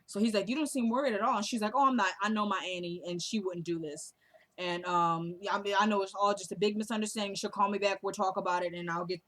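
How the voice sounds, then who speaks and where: A woman's voice: mid-range voice, a bit bright. A young woman casually retelling a TV episode, acting out the characters' lines in a chatty way. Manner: chatty retelling with quoted dialogue. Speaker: recap host.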